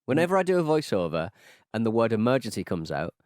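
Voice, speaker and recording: A man's voice: mid-range voice, sing-song, a little mellow, dry recording, clean studio sound. A man in his thirties with a Hartlepool accent, co-hosting a podcast, teasing his friend and laughing. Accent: Northern English, Hartlepool. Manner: chatty, teasing, quick to laugh and interject. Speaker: podcast co-host. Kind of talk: casual banter.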